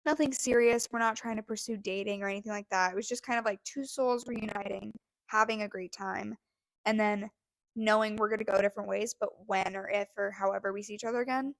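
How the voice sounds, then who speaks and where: Speaking briskly in a steady, medium-pitched voice, a young podcast co-host tells a story full of fillers and gushing enthusiasm. She seems on the verge of crying. The recording has no room sound.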